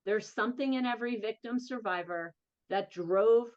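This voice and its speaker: A woman's voice: a little high, darkish tone, lo-fi sound. A woman with a New Jersey accent, an interview guest and advocate, telling her own story candidly and emphatically. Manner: earnest, emphatic, quick bursts of speech.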